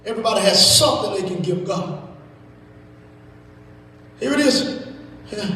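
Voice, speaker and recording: A man preaching a sermon as pastor, rising into shouted and sung climaxes and stretching out words. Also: high voice, expressive, normal speed, pauses often, a little hiss or hum. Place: church sanctuary. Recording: echoey church hall from far off.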